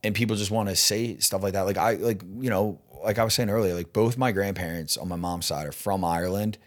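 A young man chats casually on a podcast, rambling and stacking "like" and "dude" as he goes. His voice sits on the low side. He laughs easily between thoughts. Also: brisk. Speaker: podcast guest, stand-up comedian. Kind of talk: casual chat.

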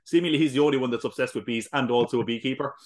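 A young man with a Cork Irish accent, co-hosting a casual film podcast, excitable and rambling, often breaking into laughter. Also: mid-range voice, rapid-fire. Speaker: podcast co-host.

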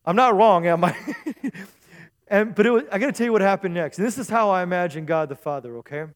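A man's voice: sits high, fast talker. A man preaching a sermon to his congregation in a church service, chatty and joking, often asking the crowd for an "amen". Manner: chatty, jokey preaching with call-and-response asides. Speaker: pastor.

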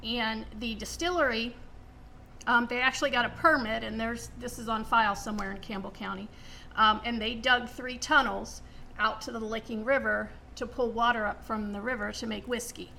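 A woman's voice: fairly high pitch, moderate pace, vocal fry, slight background noise. A woman researcher explaining local history steadily, with frequent ums. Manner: steady, informative, many fillers.

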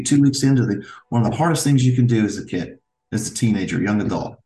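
A man's voice: on the low side, lively intonation, fast talker, dark tone. A middle-aged man, a father, talking earnestly as a podcast guest and telling stories from family life. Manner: earnest, storytelling, with restarts. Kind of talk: reflective interview talk. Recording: roomy echo.

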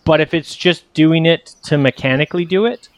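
A man running a tabletop game as game master, explaining rules in a relaxed, rambling way with many fillers. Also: a little high, brisk, dry recording.

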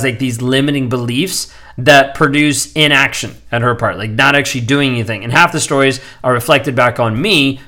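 A man's voice: medium pitch, pushed and bright. A man in his thirties hosting a solo podcast, talking candidly and rambling with lots of filler words. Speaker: podcast host. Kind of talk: casual solo podcast monologue.

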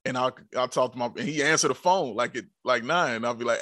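A young man chatting as a podcast guest, animated and teasing, telling stories and laughing. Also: medium pitch, quick pace, few pauses, no echo. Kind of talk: casual chat, storytelling.

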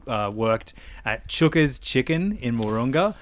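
A man's voice: mid-range voice, animated, measured pace, no echo. Rambling Australian man telling stories. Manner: rambling, many fillers and restarts, swears freely. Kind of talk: casual storytelling chat.

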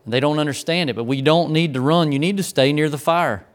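A preacher spins a folksy tale from the pulpit in a slightly high, smooth and clear voice. The man tells it like a storyteller and builds toward the lesson. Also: fairly quick. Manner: folksy storyteller, grows excited and laughing in the funny parts. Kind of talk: sermon with a personal story.

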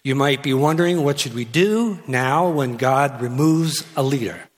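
With a medium-pitched voice and measured pace, an older guest pastor preaches from a church pulpit. He keeps it jokey and teasing, full of restarts and asides, recorded with long hall reverb.

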